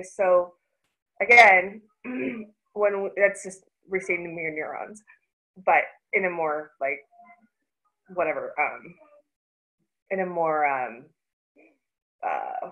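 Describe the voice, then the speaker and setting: A woman in her thirties with a somewhat low voice gives an informal parenting presentation. She talks in a halting, searching way and keeps restarting her sentences as she looks for the right word. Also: rough recording.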